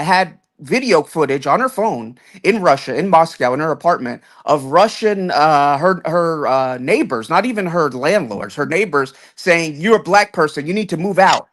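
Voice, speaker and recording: Rambling man with restarting sentences. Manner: rambling, many restarts, swinging pitch when stressing points. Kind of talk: casual podcast chat.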